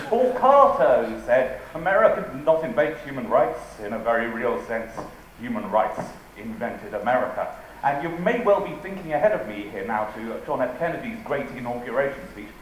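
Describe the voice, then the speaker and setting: A man's voice: mid-range voice, big pitch swings, moderate pace, slight background noise. An English man giving a humorous talk on rhetoric to a live audience, with a dry, playful, witty delivery and quotes recited with emphasis. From England. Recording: very echoey hall, faint ambience.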